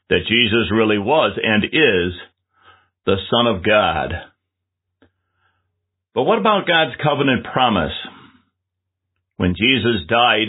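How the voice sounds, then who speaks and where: A man's voice: fairly low pitch, breathy edge. Earnest preacher man on tinny audio. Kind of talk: sermon.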